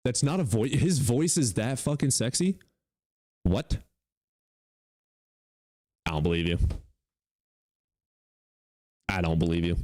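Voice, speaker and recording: A sarcastic man hosts a live stream and reacts to callers and chat with casual swearing. His voice sits fairly low, yet his pitch jumps all over as he jokes. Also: animated, a little slow, pauses often, darkish tone, no room sound. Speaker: livestream debate host.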